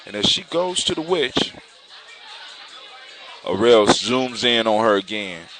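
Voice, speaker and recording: A man's voice: fairly low pitch, takes it slowly, faint music behind, some chatter behind. Man telling a fairy tale casually. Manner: conversational, relaxed, with loose restarts. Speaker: storyteller. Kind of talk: casual oral storytelling. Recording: noisy recording with clicks.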